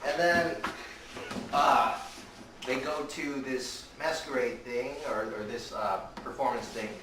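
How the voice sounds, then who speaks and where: A man's voice: mid-range voice, fairly even intonation, slow. A young man casually recapping a movie's plot, rambling through it with endless "and then" and "he's like.". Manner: meandering, full of "and then" and "he's like". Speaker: amateur movie reviewer. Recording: echoey room, mic far off, faint hiss.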